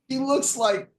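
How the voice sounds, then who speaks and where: A man telling profane, animated stories as a guest in a casual podcast chat. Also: extremely high pitch. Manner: animated, profane, acts out quotes. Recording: echoey room.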